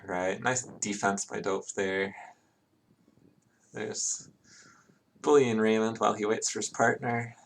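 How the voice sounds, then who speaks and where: Gravelly man doing chatty game commentary. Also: fairly low pitch, steady tone, unhurried, pauses often, a little hiss or hum. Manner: chatty, conversational play-by-play. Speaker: esports commentator.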